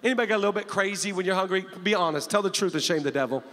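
A man's voice: high-pitched, very fast, hardly any pauses, long reverb tail. A man preaching a sermon in a church, telling humorous stories and calling out to the congregation. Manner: lively, humorous storytelling with call-and-response to the crowd.

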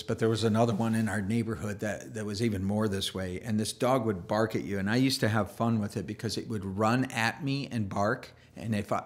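A man preaching a sermon as a pastor, in a loose conversational way with restarts and playful asides. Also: on the low side.

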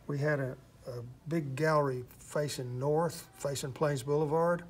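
A man's voice: mid-range voice, slightly rough. An older man from Texas with a Texan accent, chatting casually about his painting in an interview, rambling and self-deprecating. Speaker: interviewed artist.

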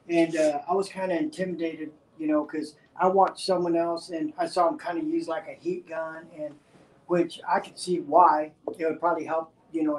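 A middle-aged man co-hosting a furniture livestream, explaining his work in a rambling way with lots of "you know". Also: on the high side. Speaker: co-host working on furniture. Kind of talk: casual livestream chat. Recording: roomy workshop sound.

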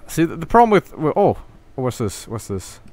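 A man's voice: on the high side, sing-song, moderate pace, a little mellow. A young man giving casual, mumbled commentary while playing a horror game on stream, rambling and swearing often. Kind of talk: casual let's-play commentary.

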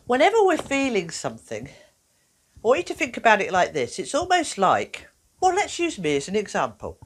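A woman presenting an educational video for children, talking in a playful, animated way. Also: medium pitch, normal speed, husky. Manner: animated, playful, acts out little voices.

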